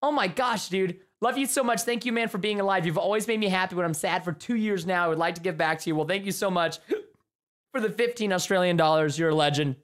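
A young man giving live gameplay commentary as a streamer, excitable and chatty, with bursts of yelling at the game. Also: high-pitched, quick pace. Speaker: gaming livestreamer.

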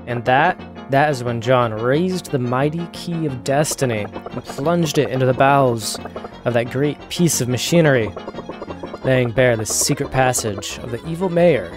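A man's voice: mid-range voice, moderate pace, music in the background, natural voice. A man voicing a boastful older male adventurer who tells grand, dramatic tales in a video game. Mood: grandiose. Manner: grandiose storytelling.

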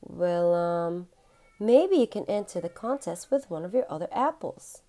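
A woman's voice: fairly low pitch, lively intonation, measured pace, mellow. A woman voicing a remorseful young boy in a read-aloud storybook, eager and pleading. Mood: sorry, pleading. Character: young boy who ate a stolen apple, remorseful.

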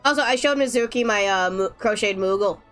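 A woman's voice: medium pitch, fairly quick, fairly bright tone, soft background music. A woman chatting casually while livestreaming a game, playful, teasing and sarcastic. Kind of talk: casual game-stream chat.

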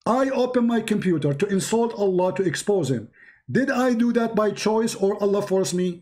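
Hoarse, combative man yelling at a caller. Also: sits high, expressive, normal speed. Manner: shouting, repetitive, combative. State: hoarse, losing his voice. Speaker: livestream debate host. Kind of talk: heated call-in debate.

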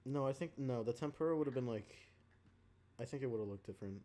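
A man's voice: mid-range voice, fast, warm tone. A young man co-hosting a casual late-night podcast, giggling often and trailing off with ums and restarts. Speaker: podcast co-host. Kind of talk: casual late-night chat over voice call.

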